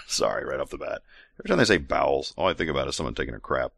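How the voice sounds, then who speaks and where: A man with a low, gravelly voice reads scripture with mock solemnity, then drops into sarcastic, irreverent asides. His pitch swings widely between the readings and the jokes, and the recording is close and dry with no room sound. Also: wildly swooping pitch, racing, a bit bright, no room sound. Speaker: podcast host. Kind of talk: comedic scripture reading and commentary.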